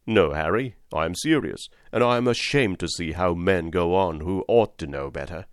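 A man voicing a principled cab driver and father in a storybook reading, speaking firmly and gravely. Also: deep voice, moderate pace, dry recording, clean studio sound, natural voice. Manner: firm, moralizing.

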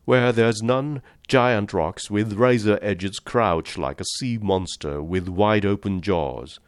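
A man's voice: lowish voice, takes it slowly, no room sound, studio quality. A man reading the part of a polished, amused and condescending aristocratic general with cold-blooded views. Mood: suave.

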